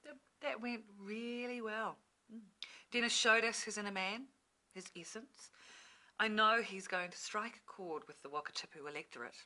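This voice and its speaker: A woman playing a brisk focus-group leader. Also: mid-range voice, bright, forceful tone, natural voice. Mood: upbeat. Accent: New Zealand.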